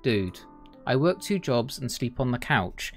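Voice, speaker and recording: A man's voice: medium pitch, sing-song, a little slow. A man voicing a nervous young college man in a dating game, hesitant and stammering, with faint guitar music behind. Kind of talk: reading a dating game aloud.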